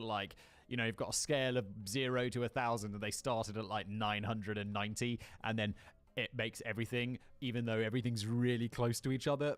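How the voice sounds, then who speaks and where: Man, commentary host, jokey scripted read, swears a lot, ordinary pitch. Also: no room sound. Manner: casual, sweary, rambling asides. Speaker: video host. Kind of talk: comedic commentary reading a script.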